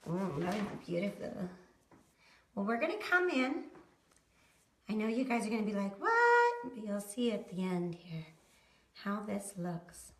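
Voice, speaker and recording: A woman's voice: mid-range voice, animated, measured pace, long pauses. A woman giving a casual how-to painting demonstration, chatting folksily to viewers as she works. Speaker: DIY painting instructor. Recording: roomy echo.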